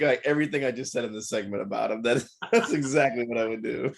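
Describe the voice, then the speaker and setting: A man hosting a sports podcast, chatting casually and pushing back calmly. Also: mid-range voice, a little fast, gravelly. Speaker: podcast host.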